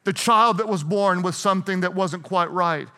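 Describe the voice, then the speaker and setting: Man, pastor, sermon, middle-aged, high-pitched, animated storytelling, long hall echo. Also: normal speed, faint music behind. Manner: storytelling, animated, self-interrupting with repeated restarts. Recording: hall reverb.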